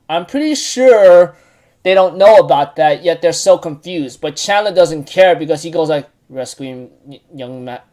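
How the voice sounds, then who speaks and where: A young man recaps a comic chapter in a loose, rambling way. He fills his talk with fillers and chuckles, in a fairly high pitch. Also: a little mellow. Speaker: manga recap host. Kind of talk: casual chat.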